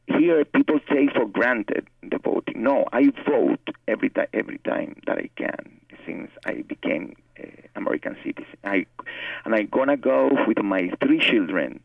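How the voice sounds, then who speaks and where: A man's voice: medium pitch, animated, normal speed, creaky, husky, dry recording. A novelist guest with a Cuban Spanish accent, a native Spanish speaker, who speaks earnestly and often repeats words as he searches for his English. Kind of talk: interview conversation. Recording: tinny phone line, distant from mic.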